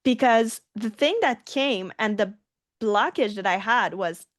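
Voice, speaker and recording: A woman guest giving an earnest, halting personal testimony in an interview. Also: on the high side, no room sound, clean studio sound.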